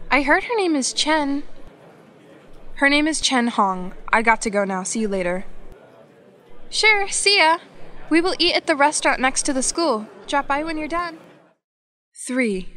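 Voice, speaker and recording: A woman reading scripted English practice dialogues for learners, slow and evenly paced. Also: high-pitched, a bit bright. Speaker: English lesson narrator.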